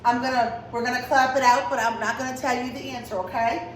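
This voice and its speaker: A high-pitched woman teaching kindergarten over a video lesson, stretching words out slowly and clearly for young children. She sounds a little distant from the mic in an echoey classroom, with a faint hum behind her. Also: flat delivery. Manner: slow, clear, sing-song teacher talk to small children.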